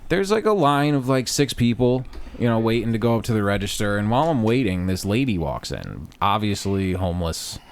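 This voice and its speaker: Male podcast host, slightly low voice, casual animated storyteller, profane, loud when acting out a scene. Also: a little fast.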